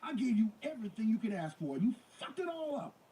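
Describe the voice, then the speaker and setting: A man voicing a furious young woman who shouts and swears. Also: fairly high pitch, huge pitch swings, brisk, slightly rough, voice pushed up, full character voice.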